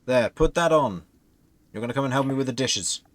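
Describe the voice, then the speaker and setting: A man's voice: medium pitch, fairly quick, lightly acted. A man voicing a young, thin ghostly male butler who is proud of his post and speaks curtly and impatiently. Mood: irritated. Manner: curt, impatient questioning.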